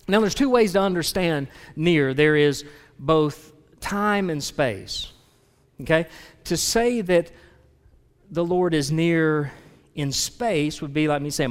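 A man preaching from the pulpit with an earnest, heartfelt delivery that drops low and confessional, then rises into loud emphasis. His voice sits a little higher than most men's. It rings with the long reverb of a church sanctuary. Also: slow, clean tone. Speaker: pastor. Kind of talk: sermon.

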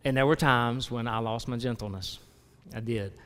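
A man preaching a sermon as pastor, earnest, moving between quiet confession and loud, emphatic preaching. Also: mid-range voice, normal speed, clear, resonant tone. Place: church sanctuary. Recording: long reverb of a church hall.

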